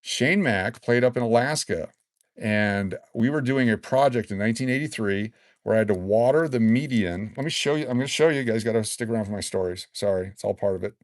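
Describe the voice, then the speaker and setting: A man in his sixties hosting a casual live stream, excitedly reading out collectible cards and rambling into stories. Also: fairly low pitch, brisk, no echo, studio quality. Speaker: livestream host giving away collectible cards.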